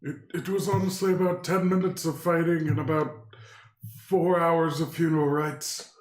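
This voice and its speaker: A man at a game table trips over his words, starting sentences over before he gets them out. His voice sits a little high, and the room adds a roomy echo. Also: steady tone, moderate pace. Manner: stammering restarts. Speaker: player.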